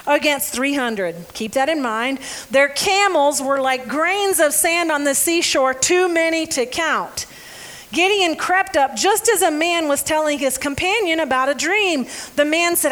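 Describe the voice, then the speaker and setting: A woman preaching a sermon, reading scripture and joking with her audience in an animated, playful way. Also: sits high. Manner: animated and playful, laughs often; involves audience members.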